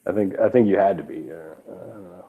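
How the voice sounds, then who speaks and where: A man's voice: deep voice, fairly quick, slightly rough. Profane, laid-back man, dull lo-fi sound. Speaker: recording engineer. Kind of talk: casual chat.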